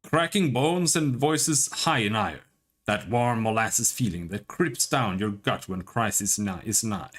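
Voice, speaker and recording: A man voicing a fierce, brash woman spirit who speaks in a rough, put-on brogue. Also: fairly low pitch, a little slow, fairly bright tone. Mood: defiant. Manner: rough, mock brogue, defiant.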